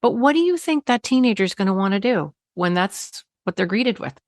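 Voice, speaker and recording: A woman, a parenting expert telling stories in an interview, animated, acting out quotes and laughing often. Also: mid-range voice, a little fast, no room sound, clean studio sound. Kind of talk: conversational storytelling interview.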